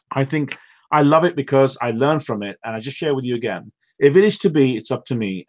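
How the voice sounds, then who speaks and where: A man's voice: medium pitch, lo-fi sound. A man from the United Kingdom hosting a motivational online team call, effusive and full of praise, emotional and drained. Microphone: online call audio.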